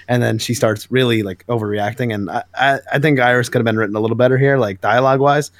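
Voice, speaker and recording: A man's voice: medium pitch, fairly even intonation, quick pace, no echo, clean studio sound. A man co-hosting a casual comic book podcast, recapping scenes with enthusiasm and acting out the lines. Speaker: podcast co-host.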